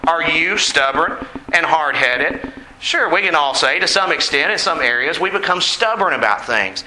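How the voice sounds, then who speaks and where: A man's voice: fairly high pitch, sharp tone. A man preaching a sermon in an earnest way, asking the congregation questions. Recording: echoey room with faint noise.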